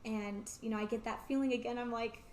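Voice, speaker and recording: Chatty young woman, slightly high, echoey room. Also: steady tone, a little fast, a little mellow, slight background noise. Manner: chatty, peppered with "like", acts out quoted remarks. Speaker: guest. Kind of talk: casual storytelling in an interview. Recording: echoey room with faint ambience.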